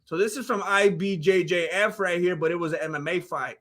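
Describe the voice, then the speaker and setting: A young man with a high, brisk voice chats casually on a live stream, reacting to a fight video. He tells it like an animated storyteller, doing voices for the people in the clip.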